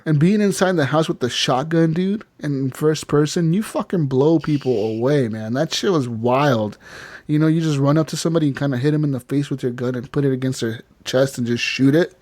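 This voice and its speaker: Male podcast co-host, slightly high voice, animated profane recapper who acts out characters' lines. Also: brisk. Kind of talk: casual profane game recap chat.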